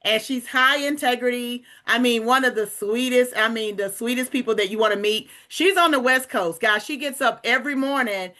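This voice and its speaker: A woman presenting on an online group call, energetically pitching a work-from-home business and hyping up her team. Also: normal speed, few pauses. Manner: energetic, hypes up others, casual asides like "guys" and "okay". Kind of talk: enthusiastic sales pitch.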